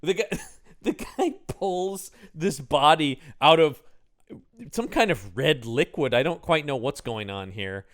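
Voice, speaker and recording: A man's voice: fairly high pitch, expressive, slow. A man co-hosting a comedic movie review podcast, joking and acting out scenes in silly voices. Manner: jokey, acts out bits in silly voices. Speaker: podcast co-host.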